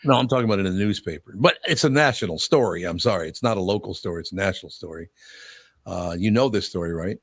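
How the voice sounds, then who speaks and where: A man's voice: low-pitched, quick pace, husky, no echo. An older man hosting a talk show, telling stories in a blunt, easygoing way and laughing often. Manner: storytelling, blunt, laughs easily. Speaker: host. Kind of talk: casual radio talk.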